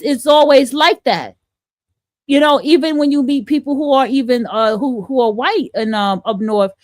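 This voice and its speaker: A woman's voice: a little high, a little mellow, no room sound. A woman from the northern United States hosting a livestream, explaining her point in a loose, conversational way with frequent restarts. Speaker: podcast host. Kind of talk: livestream commentary.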